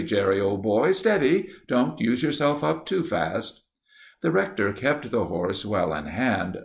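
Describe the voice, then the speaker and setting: A man with a low, gravelly voice reads an old adventure story aloud. His delivery is steady and measured, and it rises noticeably whenever a character speaks. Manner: steady measured reading, lifting for dialogue. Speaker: narrator. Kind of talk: storybook narration.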